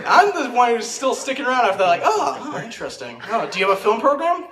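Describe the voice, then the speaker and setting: A teenage boy performing a stand-up comedy routine at a school talent show, telling rambling, self-mocking stories with quick asides. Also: extremely high pitch, sing-song, background noise. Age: teens. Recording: echoey hall recording from far off, crowd laughing. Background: audience laughter.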